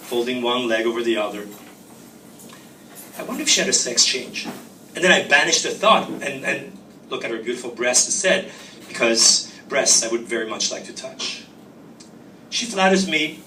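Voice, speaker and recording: A man's voice: medium pitch, sharp tone, a little hiss or hum. A man reading his own fiction aloud in wry, reflective first-person narration at a live reading. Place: reading venue. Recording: roomy, distant mic, faint ambience.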